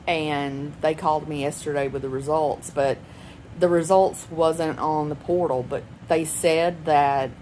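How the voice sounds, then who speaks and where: Low-voiced, slow-talking woman in her forties. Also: slight background noise, rough recording. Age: 40s. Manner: chatty and rambling, laughs often. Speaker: vlogger. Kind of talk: casual personal vlog. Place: at home indoors.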